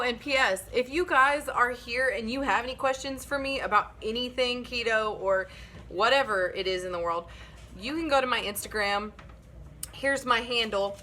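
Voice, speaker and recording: A woman with a bright, fairly high voice talks through a cooking vlog at home. She is upbeat and chatty and speaks straight to her viewers, with faint household noise behind her. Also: normal speed. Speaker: vlogger. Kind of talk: casual cooking vlog chat. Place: home kitchen.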